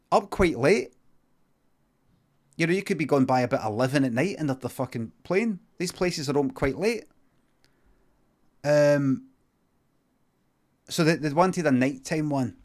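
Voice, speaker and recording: A man with a Scottish accent improvising a comic story in a deadpan, rambling, sweary way. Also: medium pitch. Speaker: comedian streamer.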